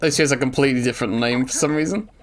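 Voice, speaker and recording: A man's voice: medium pitch, very fast, slight background noise. A man chatting casually with a friend during a game stream, jokey and teasing, swearing now and then. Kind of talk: casual chat over gameplay. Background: game music.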